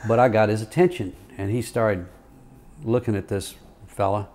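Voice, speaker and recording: Brief: an older retired lawyer reminiscing in an interview, unhurried anecdotes, chuckling between stories. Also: male voice, fairly low pitch, fairly even intonation, darkish tone. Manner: rambling anecdotal, frequent fillers, chuckles. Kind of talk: oral history interview storytelling.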